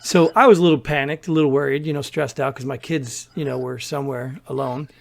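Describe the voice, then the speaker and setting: A man's voice: medium pitch, quick pace, gravelly. A man, podcast co-host, casually telling a story and acting out the people in it. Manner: animated storyteller, acts out quoted people.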